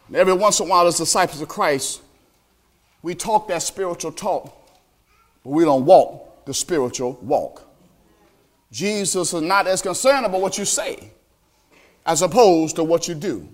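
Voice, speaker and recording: A male pastor preaching a sermon, animated, asking the congregation questions directly. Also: fairly high pitch, moderate pace, long pauses.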